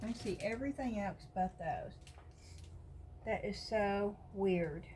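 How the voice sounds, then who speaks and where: A Southern woman vlogs her bargain finds in a chatty, rambling way, sliding from one craft idea to the next. Her voice sits at an everyday middle pitch. A faint noise runs under the recording. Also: slow. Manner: chatty, excited about bargains, rambling asides. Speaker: craft vlogger. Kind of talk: casual haul and craft chat.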